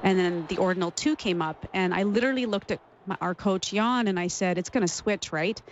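Woman from Canada, forties, former athlete reminiscing in an interview, animated and emotional, dull lo-fi sound. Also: medium pitch, brisk, slight background noise. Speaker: interview guest, former figure skater. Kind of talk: interview recollection.

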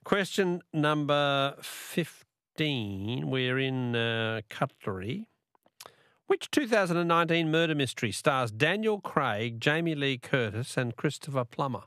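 A man's voice: mid-range voice, expressive, unhurried, a bit bright, no room sound, clean studio sound. An Australian man hosting a talkback radio quiz, chatty and laughing often.

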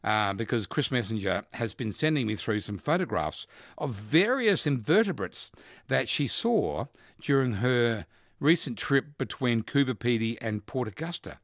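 Brief: chatty male radio host, very lively pitch, dry close studio sound. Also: moderate pace, dry recording. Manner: animated, chatty, laughs often. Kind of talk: casual radio quiz chat.

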